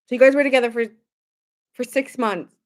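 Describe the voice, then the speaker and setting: A woman's voice: fairly high pitch, steady tone, brisk. A young adult woman giving a casual tarot reading to camera, talking emphatically with lots of filler words and open indignation. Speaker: tarot reader.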